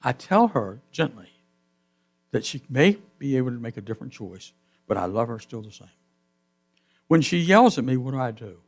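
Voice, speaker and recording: A man pastor giving a sermon in a church, telling a story with his voice swelling loud and then dropping to a hush. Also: medium pitch, very animated, moderate pace, creaky, pauses often, faint music behind. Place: church sanctuary.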